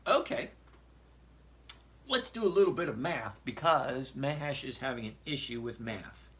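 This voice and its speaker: A man's voice: mid-range voice, a bit bright, slight background noise. A man hosting a live trading stream, reading viewer questions aloud and bluntly talking through numbers on his screen. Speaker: trading show host answering viewer questions. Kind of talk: casual live stream chat.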